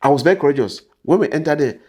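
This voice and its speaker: Speaking very fast, this interview guest from Cameroon has a husky, slightly mellow voice on the high side with lively intonation and a Cameroonian English accent. He tells his story with animation, voicing the people he quotes by moving his pitch up and down.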